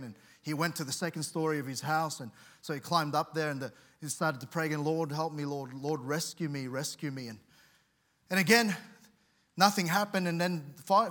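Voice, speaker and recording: A man's voice: fairly high pitch, sharp tone. A man preaching a sermon in an earnest way, often repeating words and restarting, with dramatic swells in volume. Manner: tells a story with dramatic rises in volume.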